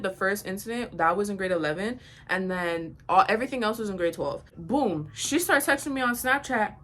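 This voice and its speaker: A young woman in her twenties tells a story to her vlog audience in a blunt, slangy, animated way. Her voice sits at a middling pitch for a woman. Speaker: vlogger.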